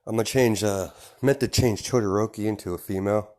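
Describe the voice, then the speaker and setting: Rambling low-voiced young man telling a story. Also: fast, a little mellow. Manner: rambling, full of "you know" and "um", chuckling. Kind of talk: improvised fan fiction narration.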